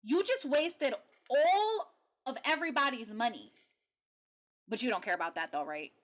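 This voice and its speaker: Blunt, high-voiced woman commentator. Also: lively intonation, normal speed. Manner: blunt, sarcastic and swearing. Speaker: call-out commentary host. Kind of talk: reaction commentary.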